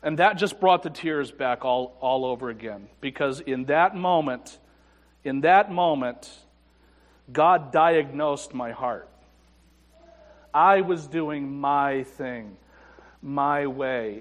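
A man preaching a sermon as a pastor, telling a personal story with dry humor and soft, reflective passages. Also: mid-range voice, slow pace. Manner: personal storytelling with self-deprecating humor and hushed reflective moments. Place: church sanctuary. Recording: church sanctuary with long reverb.

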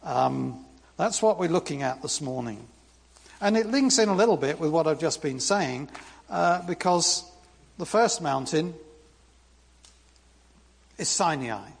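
A British man preaching a sermon in a church, reading scripture with lively, humorous asides. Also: a little high, a little slow, creaky, pauses often, slightly rough, long reverb tail. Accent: British English. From Britain.

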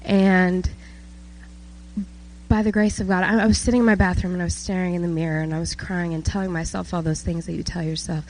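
A woman's voice: fairly low pitch, little pitch movement, brisk, a little mellow, a little hiss or hum, rough recording. A nineteen-year-old woman from South Georgia giving an emotional personal testimony at a church service, with many fillers. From South Georgia, USA.

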